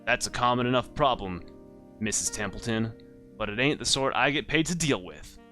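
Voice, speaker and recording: A man voicing a gruff, wry noir private detective with a put-on Southern US drawl. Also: medium pitch, expressive, normal speed, pushed and bright, faint music behind. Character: tough hard-drinking noir private detective.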